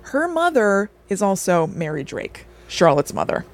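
A young woman co-hosts a relaxed podcast, walking her partner through a twisty plot in an eager, rambling way. Her voice sits at an ordinary middle pitch for a woman, neither high nor low. She talks casually and acts out snippets of dialogue as she goes. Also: measured pace. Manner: animated plot recap with acted-out quotes. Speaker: podcast co-host. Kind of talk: casual chat.

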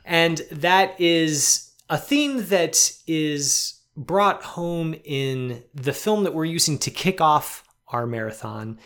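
A man co-hosting a film podcast, talking in a thoughtful, halting way with fillers. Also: a little high, lively intonation, fairly bright tone, clean tone. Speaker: podcast co-host. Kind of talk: casual film discussion.

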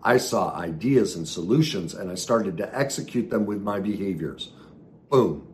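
Deep-voiced earnest motivational man. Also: animated, moderate pace, a little hiss or hum. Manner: earnest, emphatic, swings between loud and soft. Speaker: self-help speaker. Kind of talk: motivational talk to followers.

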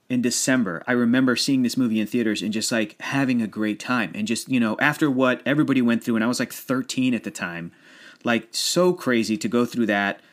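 Rambling, animated man chatting about movies. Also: mid-range voice. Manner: rambling, animated, laughs often. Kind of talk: casual movie chat.

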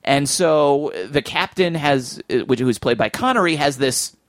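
A man talks through a film in a casual, enthusiastic way, thinking aloud as he goes. His voice sits a little high for a man. The sound is dry and close, with no room around it. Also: a little slow, a bit bright, no room sound. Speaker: film podcast host.

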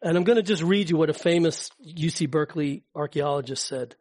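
Man, slightly high voice, dry sound, rambling casual lecture. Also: normal speed, darkish tone, dry recording. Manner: rambling, chatty, frequent fillers and restarts. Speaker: guest speaker. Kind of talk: informal public talk with slides.

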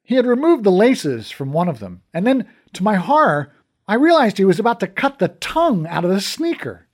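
A man narrating a first-person adventure story in an animated, expressive way. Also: sits high, brisk.

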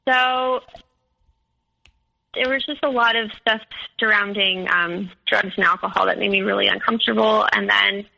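A woman's voice: mid-range voice, creaky, sharp tone, low-quality recording. A woman on a podcast telling her own story in a hesitant way, with many ums and likes. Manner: hesitant, full of "um" and "like". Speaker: podcast guest. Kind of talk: recounting a personal story.

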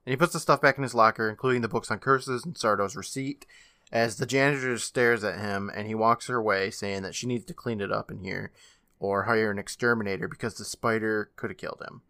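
Bright-voiced man recapping an episode. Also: lowish voice, a little fast, no echo, clean studio sound. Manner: laughs often, narrates plot in long run-on lines. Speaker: podcast co-host. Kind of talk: casual chat recapping a TV episode.

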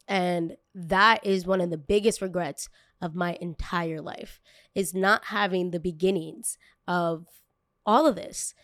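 A woman's voice: mid-range voice, fairly even intonation, normal speed, no room sound, clean studio sound. A young woman content creator candidly telling a personal story, emotional and full of casual fillers.

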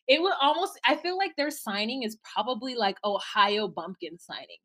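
A woman co-hosting a casual podcast, recapping a reality show in an animated way, laughing and acting out quotes. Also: high-pitched, moderate pace, few pauses. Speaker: podcast co-host.

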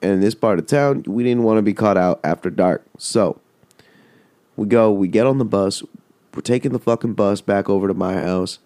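Man, casual storytelling, rambling and profane, lowish pitch, dark mellow tone, dry close mic. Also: moderate pace, no room sound.

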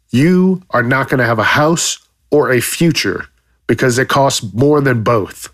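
A man hosting a podcast, delivering a profane comedic rant with loud, exaggerated outrage and plenty of swearing. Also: mid-range voice, no room sound, studio quality. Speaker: podcast host.

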